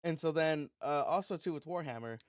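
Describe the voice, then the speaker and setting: A man's voice: a little high, a little fast, smooth, no echo. Young guy on a podcast, swears a lot, gets worked up telling stories, dry sound. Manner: animated storytelling with frequent profanity. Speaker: podcast co-host. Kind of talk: casual chat.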